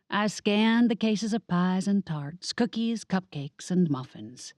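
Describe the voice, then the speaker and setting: A woman's voice: medium pitch, animated, slow, few pauses, a little mellow, dry recording, clean studio sound. A woman narrating a cozy audiobook in first person, wry and conversational.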